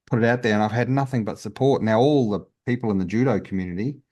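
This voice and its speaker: Man, low voice, earnest, open, rambling storyteller, interview guest. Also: fast talker, a little mellow. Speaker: guest, spiritual healer. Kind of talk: casual interview chat.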